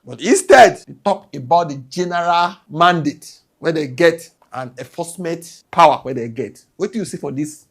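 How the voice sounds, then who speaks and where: Man, gravelly husky voice, pointed questioner in a news clip. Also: fairly high pitch, expressive, normal speed, hardly any pauses.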